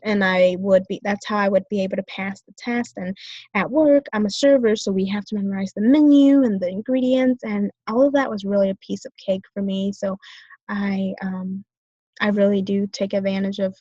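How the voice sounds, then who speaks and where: A young woman in her twenties talks about herself as a student, hesitant and full of fillers and restarts. Her voice sits at a middle pitch. The recording is dull and dry, with no room sound around her. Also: a little mellow, no echo. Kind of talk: self-reflective talk.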